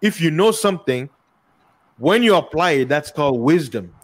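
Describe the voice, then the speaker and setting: A man's voice: on the high side, lively intonation, moderate pace. Congolese man telling stories in casual talk. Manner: repeats words often and tells stories by acting out both sides of a dialogue. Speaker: guest in a podcast conversation. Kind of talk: casual discussion.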